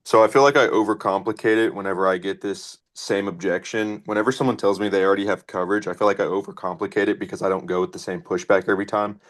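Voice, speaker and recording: Fast, flat, low-voiced man asking a question. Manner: hesitant, filler-laden questioning. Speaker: sales agent asking a question. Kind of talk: casual question in a meeting.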